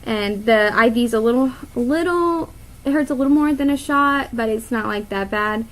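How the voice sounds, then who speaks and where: Chatty young woman, slightly high voice. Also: normal speed, poor audio. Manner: chatty, many fillers and quoted inner thoughts, laughs often. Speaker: vlogger. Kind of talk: casual storytelling vlog.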